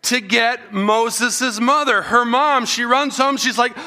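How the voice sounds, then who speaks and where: A man preaching a Bible story to children, animated and acting out the voices of the people in it. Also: extremely high pitch, slow. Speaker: children's pastor. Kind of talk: storytelling sermon.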